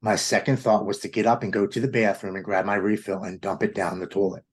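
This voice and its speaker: Husky-voiced man telling his testimony. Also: lowish voice, flat delivery, fast talker. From Maryland, United States. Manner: earnest and emotional, quoting his own past thoughts aloud. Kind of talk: personal testimony storytelling.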